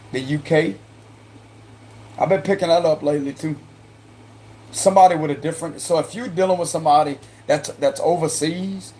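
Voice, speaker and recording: A man's voice: a little high, warm tone, a little hiss or hum. A man with a Cajun accent giving a casual, rambling tarot reading to viewers, repeating himself and chuckling in asides. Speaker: tarot reader.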